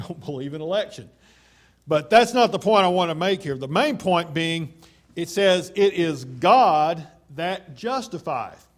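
A man preaching a sermon, slowing down to stress quoted scripture, with frequent "uh" fillers. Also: a little high. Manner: measured and emphatic, slowing down on scripture; many fillers.

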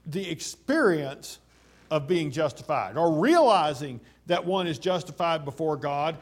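A man preaching a sermon, slowing down to stress quoted scripture, with frequent "uh" fillers. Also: high-pitched. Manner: measured and emphatic, slowing down on scripture; many fillers.

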